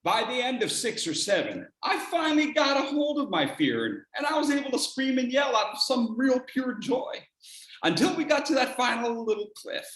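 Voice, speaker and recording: A speech contest speaker telling a dramatic personal story, acting out scenes and swinging between hushed lines and shouts. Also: high voice, normal speed. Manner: animated, acts out scenes, shifts from hushed to shouting. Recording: roomy echo.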